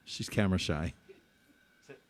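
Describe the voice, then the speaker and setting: A man hosting a music show from his small home recording studio, chatting casually and joking with his dog between songs. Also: unhurried. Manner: jokey, talks to his dog. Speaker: singer-songwriter host.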